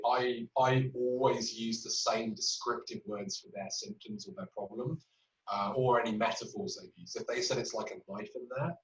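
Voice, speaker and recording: Speaking in a mid-range voice with a fairly bright tone, a male clinical trainer explains communication skills in a webinar. He illustrates with patient examples and fills his speech with fillers, and the webinar recording comes across as roomy, distant and dull.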